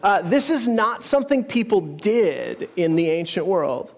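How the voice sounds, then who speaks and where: Earnest high-voiced male preacher in a hall. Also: expressive, unhurried. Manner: conversational, earnest storytelling with asides. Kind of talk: sermon.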